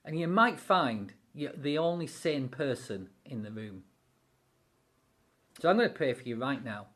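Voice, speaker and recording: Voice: medium pitch, expressive, a little slow. A devotional speaker giving an encouraging sermon-style talk, acting out quotes with animation.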